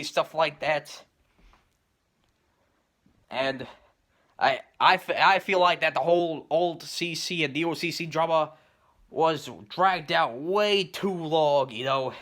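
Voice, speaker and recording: Bright-voiced rambling man ranting. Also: on the high side. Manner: rambling, heavy on "you know" and "stuff like that"; clears throat and laughs between points. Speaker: commentary YouTuber. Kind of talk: rambling response rant.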